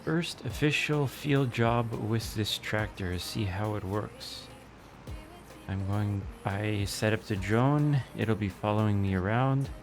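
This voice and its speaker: Low-voiced man in relaxed gameplay commentary. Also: slow, faint music behind. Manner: relaxed, thinking aloud, with hesitations.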